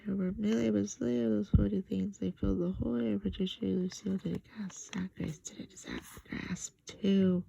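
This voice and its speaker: Gravelly, mellow woman reading a children's book. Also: mid-range voice, fairly quick, few pauses, a little hiss or hum. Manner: expressive, childlike first-person narration. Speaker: storybook reader. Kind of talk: children's book read-aloud.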